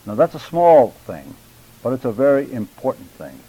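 A man lecturing a church class on public speaking, enunciating deliberately and stressing key words, sometimes addressing students by name. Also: medium pitch, sing-song, mellow, husky, poor audio. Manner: measured, emphatic, deliberate enunciation.

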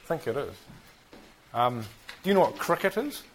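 A man's voice: medium pitch, big pitch swings, normal speed, a little hiss or hum, rough recording. A man with a New Zealand accent teaching a Bible class, quizzing the group and joking at his own expense. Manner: chatty, self-deprecating, asks the group questions.

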